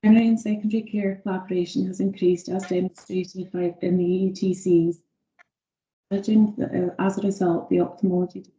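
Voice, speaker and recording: A woman's voice: on the low side, warm tone. A woman giving a formal presentation as optometry lead to a health board, reading prepared text with some fillers. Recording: echoey dull video call audio.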